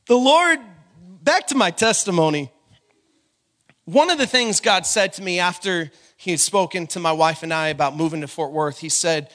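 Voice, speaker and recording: A man preaching a sermon in an animated way, at times breaking into shouts and brief singing. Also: sits high, a little slow, pauses often.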